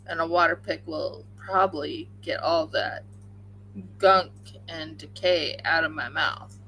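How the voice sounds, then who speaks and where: A woman's voice: deep voice, a little slow, vocal fry, sharp tone, a little hiss or hum, low-quality recording. A woman hosting a crafting livestream, chatting casually and rambling with many fillers while she crochets at home.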